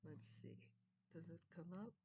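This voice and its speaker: A woman's voice: fairly low pitch, normal speed, background noise. An older woman speaking a heartfelt monologue to camera as a vlogger, earnest and meandering, often circling back and repeating her phrases.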